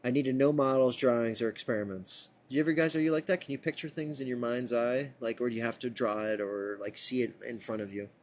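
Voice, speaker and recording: A man's voice: medium pitch, fairly even intonation, quick pace, few pauses, slight background noise. A man giving a casual live book reading. He rambles off topic, swears often and breaks into laughter. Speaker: streamer reading a book aloud.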